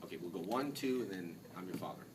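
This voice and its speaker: A fairly low-voiced man in his forties spins loose, joking stories at a convention panel, leaning on "like" and "dude". He sounds a little far from the microphone. A noisy hall hums under him. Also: expressive, fast talker. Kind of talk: casual storytelling Q&A.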